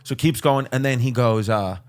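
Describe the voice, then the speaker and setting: A man hosting a casual chat, joking and rambling with quick asides, recorded in a green room. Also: mid-range voice, clean tone. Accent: New York. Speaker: podcast host.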